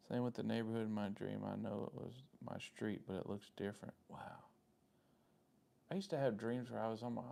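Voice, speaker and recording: A man with a Southern US drawl hosts a loose live-stream chat, answering viewers' comments by name. His voice is low and mellow with a gravelly fry, and he rambles along in a friendly way. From Southern United States.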